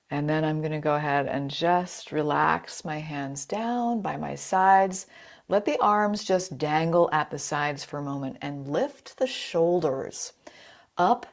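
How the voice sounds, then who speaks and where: A woman leading a chair yoga class over a video call, calm and encouraging as she cues breaths and movements. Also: low voice. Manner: calm, encouraging, greets participants by name. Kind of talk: guided yoga class instruction.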